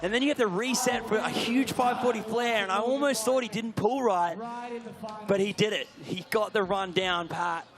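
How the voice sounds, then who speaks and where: A man giving live BMX commentary, excitable, often shouting and gasping at big tricks. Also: high-pitched, moderate pace, a crowd in the background.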